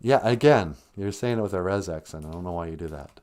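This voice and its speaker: A man's voice: low voice, fast talker, a little mellow. A man hosting a comedic live-stream language lesson, teasing a pretend caller in a blunt, chatty way. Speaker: Ojibwe language teacher and host.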